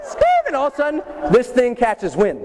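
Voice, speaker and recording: A man's voice: very high-pitched, a little fast, a loud crowd. A young adult man, a motivational speaker, telling a comic story on stage and acting out screams and dialogue. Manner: animated, acts out screams and dialogue. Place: large hall with audience. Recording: echoey hall, faint noise.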